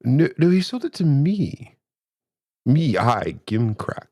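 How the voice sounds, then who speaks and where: A man's voice: medium pitch, big pitch swings, takes it slowly, a little mellow, no room sound, studio quality, heavily acted. A man playing a smug, bossy male demon who owns and produces a comedy podcast.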